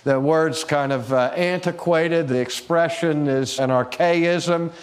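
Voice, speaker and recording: A man delivering a theological lecture-sermon, speaking deliberately, pressing key words and putting rhetorical questions to his listeners. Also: a little high. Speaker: preacher and teacher.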